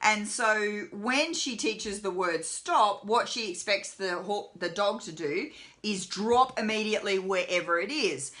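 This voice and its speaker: A woman's voice: mid-range voice, a little slow, a bit bright. A woman horsemanship trainer giving a casual live lesson, chatty with lots of fillers. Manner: chatty, many fillers, voices the horse's thoughts.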